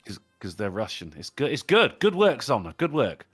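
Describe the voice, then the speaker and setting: Podcast co-host dude cracking crude jokes, pitch all over the place, dry mic. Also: male voice, moderate pace, breathy edge, no echo, faint music behind. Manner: joking interjections, crude puns, animated. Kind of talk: casual comedic chat.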